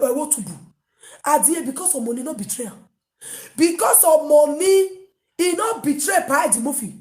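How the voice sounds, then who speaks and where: High-pitched Nigerian woman, loud mocking commentary. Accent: Nigerian Pidgin. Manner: loud, mocking, breaks into sung chants. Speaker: host of an online gossip show. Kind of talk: animated gossip commentary. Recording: echoey room.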